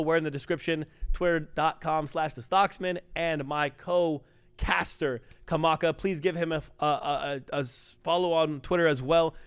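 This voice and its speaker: A man's voice: fairly high pitch, clear, resonant tone. Rambling, joking male esports caster. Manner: rambling, joking, talks to chat. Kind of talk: live esports stream commentary.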